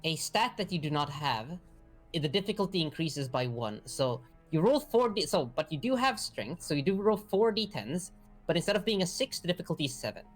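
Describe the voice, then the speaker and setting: A woman's voice: low-pitched, lively intonation, fairly quick, soft background music. A woman narrating as game master in a casual, rambling way, laughing and swearing often.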